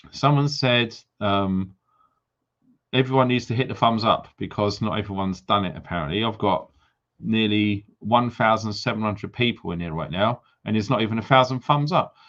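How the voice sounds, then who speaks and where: A man hosting a livestream, ranting sarcastically and firing off rhetorical questions with indignant high jumps for emphasis. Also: moderate pace, fairly bright tone. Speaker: livestream host. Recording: dull lo-fi stream audio.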